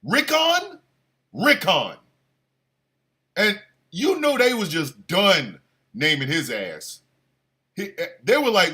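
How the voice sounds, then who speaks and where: A man hosting a show, delivering a crude comedic rant with exaggerated, animated bursts of shouting. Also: sits high, a little slow, long pauses. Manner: crude, playful. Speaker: show host.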